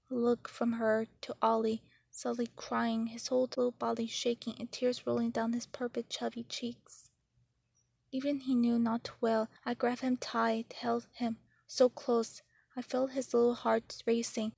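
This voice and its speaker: A woman reads a novel chapter aloud in the first person, at a steady pace. Her voice is gravelly and mellow, on a flat, even line. The sound is dry and close. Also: fairly high pitch, moderate pace, no echo. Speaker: narrator.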